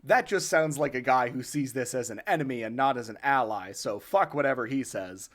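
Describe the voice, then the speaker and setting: A man's voice: medium pitch, brisk. A man co-hosting a comedy podcast, joking and playful as he presents a ranking segment. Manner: playful, jokey, lively. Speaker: podcast co-host.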